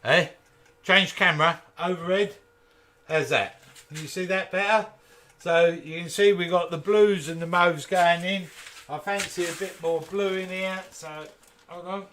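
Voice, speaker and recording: A man's voice: high-pitched, a little slow, bright, forceful tone. A man hosting a casual live woodturning demonstration from his home workshop, chatting and making jokey asides to viewers. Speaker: woodturner and channel host.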